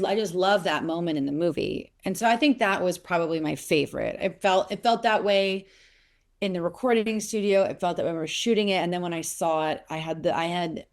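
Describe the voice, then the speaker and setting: A woman in her forties speaks in an interview, with a somewhat low voice. She rambles through stories, restarts her sentences and grows animated as she goes. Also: vocal fry. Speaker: actress being interviewed. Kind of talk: casual interview talk.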